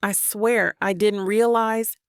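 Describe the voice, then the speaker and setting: A woman's voice: medium pitch, steady tone, slow, smooth, no room sound, studio quality. A woman voicing a grumpy male professor from an audiobook romance, speaking in a subdued, pleading way. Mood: apologetic.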